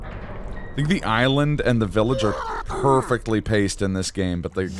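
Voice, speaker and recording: A man's voice: on the low side, lively intonation, moderate pace, noisy background. Chatty rambling male streamer. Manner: chatty, rambling, self-deprecating. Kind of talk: casual gameplay commentary.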